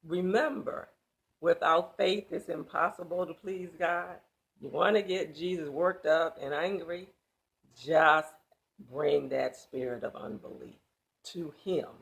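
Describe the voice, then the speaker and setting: A woman teaching a Bible passage in sermon style, speaking slowly with a gravelly edge. She is emphatic and breaks into casual, colloquial asides. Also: fairly low pitch.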